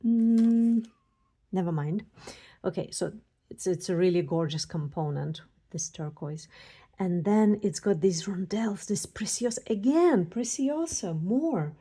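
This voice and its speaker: A woman showing a beading kit and demonstrating earrings, gushing excitedly with scattered thoughts. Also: lowish voice, measured pace, husky. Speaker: beading designer and tutor. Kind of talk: casual unboxing and how-to demo.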